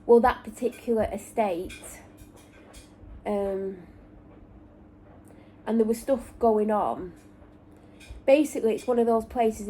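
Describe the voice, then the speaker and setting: This vlogger speaks from her parked car in a loose, rambling way, candidly talking and stopping to correct herself, recorded on a camera or phone. She's a North West England woman whose Lancashire accent carries traces of Manchester, with a warm voice of medium pitch. The audio is poor, with slight background noise.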